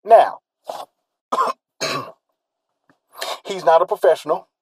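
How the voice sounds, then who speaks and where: A man's voice: fairly high pitch, slow pace, darkish tone, slight background noise, low-quality recording. A man delivering a solo commentary monologue, emphatic and repetitive, drawing out stressed words and firing rhetorical questions.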